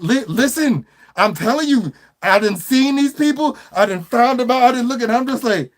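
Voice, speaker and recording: A man delivering a mocking commentary rant, animated and teasing, often repeating words and breaking into laughter. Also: very high-pitched, brisk. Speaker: online commentator.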